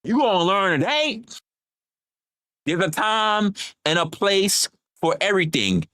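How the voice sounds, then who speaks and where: Streamer scolding a viewer, profane and relentless, animated pitch, dry close sound. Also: unhurried, no room sound. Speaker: livestream host. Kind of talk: heated livestream rant.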